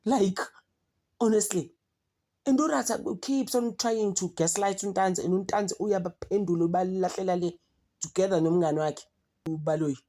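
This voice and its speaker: A woman's voice: medium pitch, normal speed, dark tone. A South African woman giving outspoken, exasperated commentary, mixing English and Zulu in a casual chat. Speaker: commentary vlogger.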